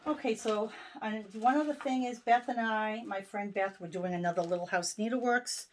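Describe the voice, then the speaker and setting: A woman's voice: a little high, normal speed, a little hiss or hum. A woman with a Boston accent chatting casually in her home sewing room, showing her needlework projects with lots of ums and restarts. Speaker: stitching vlogger. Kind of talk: casual show-and-tell chat.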